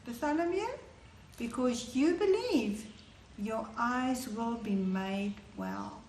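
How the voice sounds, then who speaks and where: A gentle, kind healer, as a woman puts him on. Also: on the high side, slow pace, reverberant, recorded from a distance, slight background noise, rough recording. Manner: gentle and calm.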